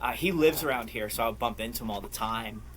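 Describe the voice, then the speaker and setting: A man guesting on a podcast, telling stories in an animated, excitable way and laughing often. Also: mid-range voice, quick pace, a little hiss or hum. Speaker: podcast guest, clothing brand owner. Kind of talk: casual storytelling chat.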